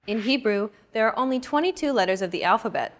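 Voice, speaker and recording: A woman hosting a language lesson, explaining pronunciation in clear, measured scripted narration. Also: fairly high pitch, lively intonation. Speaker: lesson host.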